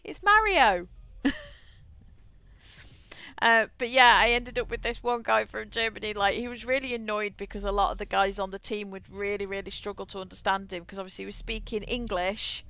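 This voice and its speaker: A woman with a medium-pitched, sharp voice chats casually while streaming a game, laughing often and poking fun at herself. She had a childhood stutter and restarts frequently.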